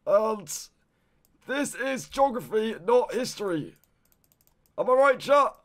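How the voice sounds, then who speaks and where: A man's voice: very high-pitched, lively intonation, unhurried, fairly bright tone. A young man streaming a guessing game, frustrated and swearing, tacking "mate" onto almost everything he says. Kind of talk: casual live-stream gameplay commentary.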